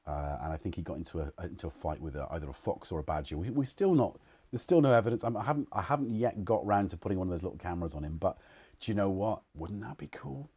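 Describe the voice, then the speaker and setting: A man's voice: deep voice, quick pace, darkish tone, breathy edge, no room sound. A man hosting a casual home livestream, rambling and chuckling as he chats to viewers and his cats. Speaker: livestream host. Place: living room at home.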